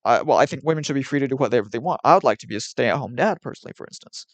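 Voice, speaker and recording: A man's voice: mid-range voice, expressive, very fast, no echo. A man streaming live, arguing with and ranting at his chat in an exasperated, repetitive way. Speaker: livestreamer.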